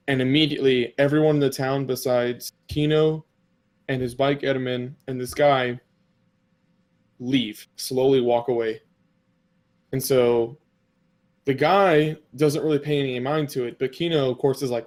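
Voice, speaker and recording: A man at a middle pitch tells an anime story to his friends on a podcast. He rambles, leans on "like" and "um", and slips into the characters' lines as he goes. His delivery is loose and conversational. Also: steady tone, a little slow. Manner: rambling, filler-heavy storytelling with quoted dialogue. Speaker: podcast co-host. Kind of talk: casual chat recapping an anime episode.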